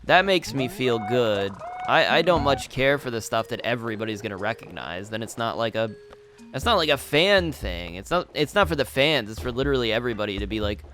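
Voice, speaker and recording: A man's voice: mid-range voice, lively intonation, brisk, fairly bright tone, soft background music. Rambling young man on game commentary. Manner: rambling and meandering. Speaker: let's play host. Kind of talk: casual gameplay commentary.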